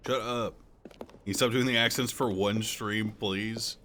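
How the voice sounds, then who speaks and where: A man streaming a game, joking crudely and reading game text aloud quickly. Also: on the low side, steady tone, sharp tone, slight background noise. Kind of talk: casual gameplay commentary.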